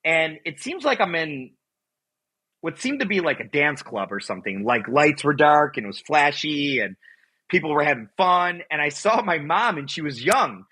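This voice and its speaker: A middle-aged man from Buffalo, New York, telling a personal story as an interview guest, animated and rambling, often acting out quotes. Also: fairly high pitch, brisk, slightly rough, low-quality recording.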